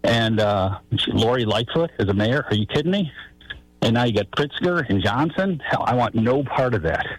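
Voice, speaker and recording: Man, radio caller from Chicago, folksy and chatty, medium pitch, dry sound. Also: animated, moderate pace, no echo, low-quality recording. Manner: chatty, laughing, folksy storytelling. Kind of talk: call-in radio talk.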